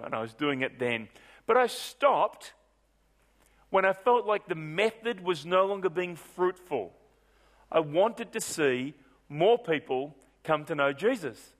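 High-voiced animated preacher man. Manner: animated storyteller, swings from brisk to drawn out. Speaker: pastor. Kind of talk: sermon storytelling.

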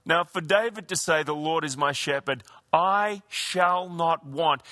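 A pastor with a slightly high, sharp-toned voice preaches a sermon in an earnest, conversational manner, frequently restarting his sentences. The sound is clean studio audio without echo.

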